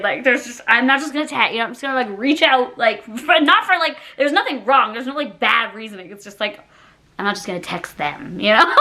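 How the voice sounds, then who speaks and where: A young woman vlogging her way through viewer dares, her voice high and bright with big lively swings in pitch. She giggles constantly and exclaims loudly. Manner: giggly, exclamatory, laughs often. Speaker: YouTuber. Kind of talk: casual dare-challenge vlog.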